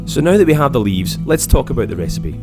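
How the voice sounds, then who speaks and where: A man narrating a scripted recipe voice-over in a calm, steady manner. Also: medium pitch, fast talker. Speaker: host. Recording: voice-over with loud guitar music.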